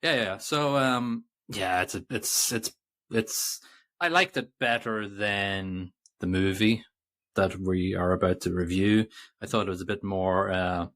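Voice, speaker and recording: A man with a fairly low voice co-hosts a casual movie podcast. He rambles and restarts his sentences often as he chats about the film. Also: measured pace, fairly bright tone. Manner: rambling, self-interrupting, reads quotes aloud. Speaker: podcast co-host. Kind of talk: casual movie review chat.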